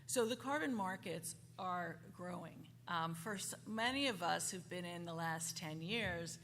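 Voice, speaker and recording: A woman speaking on a conference panel, halting and often restarting her sentences. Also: lowish voice, fairly bright tone. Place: conference hall. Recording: conference hall reverb, faint noise.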